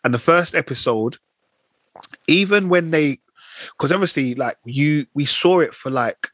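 A man hosting a casual chat and retelling scenes in slangy, animated talk. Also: a little high, a little slow, no room sound, rough recording. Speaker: podcast host.

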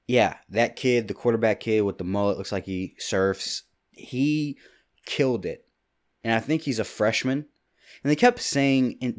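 Deep-voiced young man rambling casually. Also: a little mellow. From Kentucky. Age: 20s. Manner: rambling, jokey, quick asides. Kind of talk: casual solo monologue. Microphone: studio mic with pop filter.

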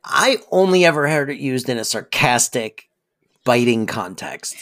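A man's voice: mid-range voice, expressive, a little slow, a bit bright. A man co-hosting a podcast in a casual chat, with a wry, sarcastic sense of humor. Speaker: podcast co-host.

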